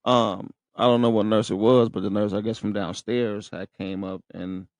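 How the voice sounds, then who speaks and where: Gravelly low-voiced man telling a story. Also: steady tone, normal speed, darkish tone, dry recording. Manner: slangy and profane, keeps checking in with listeners. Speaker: podcast host. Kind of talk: casual storytelling to listeners. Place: room in a rehab center.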